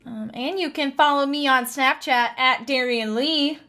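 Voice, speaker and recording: A woman speaks as a podcast guest in an easy, casual chat. Her voice sits high. She plays things down with a teasing, self-mocking manner. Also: moderate pace, bright, forceful tone.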